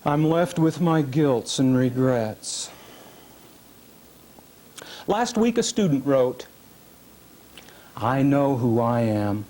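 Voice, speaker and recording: A man gives a public reading of his own first-person prose. He takes it slowly, leaning into long pauses, and his pitch rises and falls widely as he shapes each line. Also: lively intonation, dark tone. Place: reading series event.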